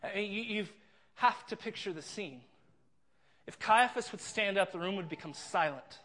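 High-voiced pastor guy preaching, earnest, storytelling, repeats himself a lot. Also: lively intonation, normal speed, sharp tone. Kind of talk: sermon.

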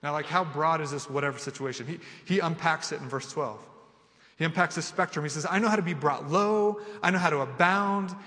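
Male pastor, sermon, slightly high voice, lively emphatic delivery, long hall reverb. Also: brisk. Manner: animated, voices imagined dialogue, builds to rising emphatic lists.

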